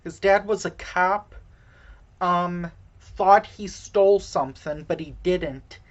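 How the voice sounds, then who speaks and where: This dull lo-fi clip has a fairly low-pitched woman loosely summarizing a movie. She halts often, leans on fillers, and keeps making self-deprecating remarks.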